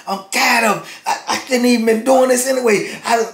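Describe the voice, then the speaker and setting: A man acting out an enraged young male prisoner who shouts threats at his cellmate. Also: very high voice, steady tone, moderate pace, voice pushed up. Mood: furious, threatening. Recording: roomy echo.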